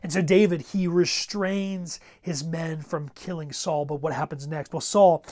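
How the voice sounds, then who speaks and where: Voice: mid-range voice, fairly even intonation, measured pace, darkish tone. A pastor preaching a sermon in a conversational way, repeating words and pressing urgent exhortations.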